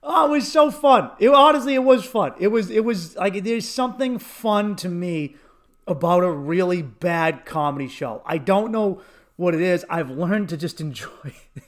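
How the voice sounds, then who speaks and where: A comedian hosting his own podcast, telling a story in a fairly high voice. He swears freely and laughs through his lines. He acts out little bits of dialogue as he goes. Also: moderate pace. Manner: profane, laughing, animated retelling with acted quotes.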